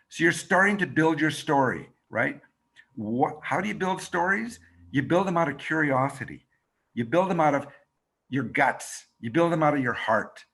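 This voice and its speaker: A man, a radio reporter and documentary maker, teaching a workshop by telling a fast, expressive story and acting out the quotes, over a video call. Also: a little high, slightly rough. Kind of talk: animated storytelling lesson.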